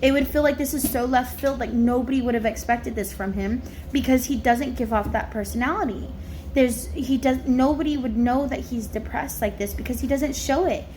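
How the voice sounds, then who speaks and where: A chatty woman medium talks through a spirit reading in a loose, rambling way. Her voice sits a bit high. A faint hiss runs behind her. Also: moderate pace, darkish tone. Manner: chatty, rambling, many fillers. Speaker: psychic medium. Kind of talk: casual spirit reading on camera.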